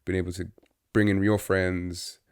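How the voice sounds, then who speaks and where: Man, very low voice, gravelly, dry close sound, laid-back football chat. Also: normal speed, dry recording. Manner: relaxed, hesitant, fillers. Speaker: podcast co-host.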